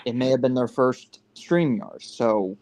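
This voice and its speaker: A man's voice: mid-range voice, unhurried, darkish tone. A man in his twenties talks on a casual live stream over a video call. He rambles earnestly, circling back and restarting his sentences as he explains himself. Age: 20s.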